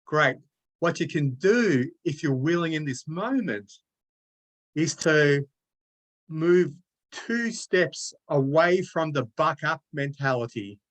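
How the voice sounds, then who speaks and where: A man taking part in a group discussion over a video call, calm and directive. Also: on the high side, takes it slowly, poor audio. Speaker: discussion participant.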